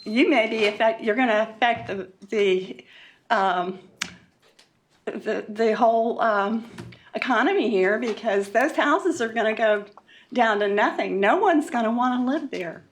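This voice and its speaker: A woman from Florida giving an emotional public comment at a meeting, halting, with many fillers and nervous laughs. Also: a little high, a little hiss or hum. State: emotional, upset.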